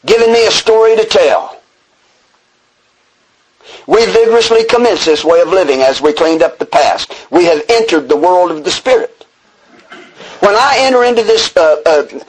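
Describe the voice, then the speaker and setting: A man from Texas giving a recovery talk to a meeting, his voice high for a man and husky throughout. He talks in an earnest, preacherly way, reading a line and then unpacking it, with dry jokes at his own expense. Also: poor audio. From Texas, USA. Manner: earnest, preacherly, reads from the book and explains; self-deprecating humor with chuckles. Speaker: AA meeting speaker. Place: meeting room before a group.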